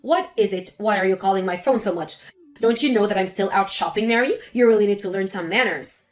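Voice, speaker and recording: A woman's voice: mid-range voice, a little fast, faint music behind, pitched below the performer's own voice, close to an everyday voice. A woman voicing a spiteful, scornful older mother-in-law in a dramatic story reading. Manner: sneering, contemptuous.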